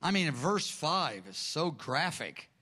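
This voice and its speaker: A man preaching a sermon in a conversational, animated way, often acting out quoted speech. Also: a little high, a little slow.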